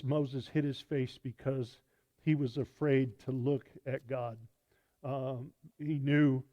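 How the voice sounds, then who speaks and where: A male pastor teaching a sermon in a conversational way, pausing often with fillers and restarting phrases. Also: mid-range voice, warm tone, dry recording. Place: church sanctuary.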